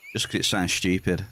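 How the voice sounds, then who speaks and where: A man's voice: on the low side, a little hiss or hum. A man giving live game stream commentary, teasing his chat in a playful, bantering way.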